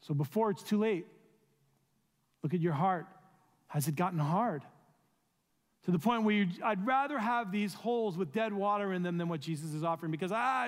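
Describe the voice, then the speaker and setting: Male pastor, sermon, earnest and pleading, rhetorical questions, fairly high voice, long hall reverb. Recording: long reverb of a large room.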